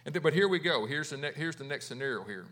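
A man's voice: a little high, lively intonation, quick pace, fairly bright tone. A man preaching a sermon as pastor, talking conversationally, restarting words and putting questions to his congregation.

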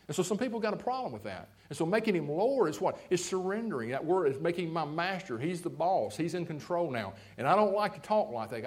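Pastor guy preaching, kinda high voice, keeps asking "see? okay?". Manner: lively preaching with frequent "see?" and "okay?" asides. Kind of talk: sermon.

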